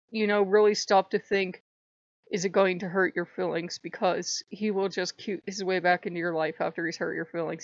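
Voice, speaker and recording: A woman hosting her channel, telling myths casually with an animated, irreverent manner, on a dull lo-fi recording. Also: mid-range voice, no echo. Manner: animated, irreverent, laughs often. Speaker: channel host. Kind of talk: casual mythology storytelling.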